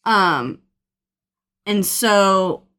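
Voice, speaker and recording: Podcast co-host, female, mid-pitched, relaxed, narrates plot in a chatty way. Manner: relaxed storyteller, fillers, quick asides. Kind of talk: casual chat, recapping a film plot.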